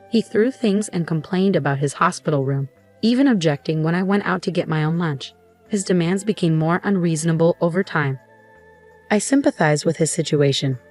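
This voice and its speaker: A woman narrating a personal drama story in the first person, in an even, steady way. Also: lowish voice.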